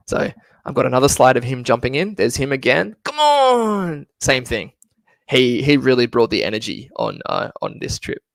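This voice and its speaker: A man's voice: mid-range voice, animated, normal speed, vocal fry, long pauses, no echo. A man giving a casual, chatty travel talk over slides in an online session, often laughing as he speaks. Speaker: travel presenter. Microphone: computer mic for an online session.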